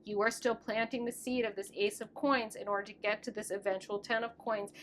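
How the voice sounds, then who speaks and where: A woman's voice: medium pitch, flat delivery, brisk, a bit bright, a little hiss or hum. A woman in her thirties giving a casual tarot reading to camera, talking in an affectionate, gushing way. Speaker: tarot reader.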